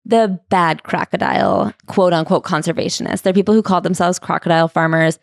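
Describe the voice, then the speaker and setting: A woman's voice: on the low side, fairly quick, gravelly, dry recording, studio quality. A woman co-hosting a podcast, retelling a memoir in casual chat and acting out the quotes. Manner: animated storyteller, acts out quotes. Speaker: podcast co-host.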